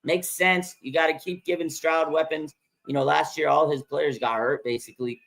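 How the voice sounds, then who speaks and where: A man hosting a live sports draft stream, excitable and rambling, repeating himself and laughing as picks come in. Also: fairly high pitch, moderate pace, creaky. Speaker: livestream host. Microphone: streaming microphone.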